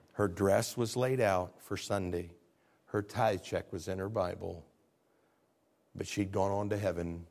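Gravelly storytelling preacher man. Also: fairly low pitch. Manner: storytelling preacher, rising to fervent peaks. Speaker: pastor. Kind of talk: sermon.

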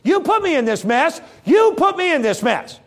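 A preacher acting out a defiant prophet who loudly blames someone else for his troubles. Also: very high voice, very animated, normal speed, pitched above the performer's own voice, heavily acted. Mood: indignant. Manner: indignant, blaming, insistent. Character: defiant, complaining male prophet. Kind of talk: sermon storytelling.

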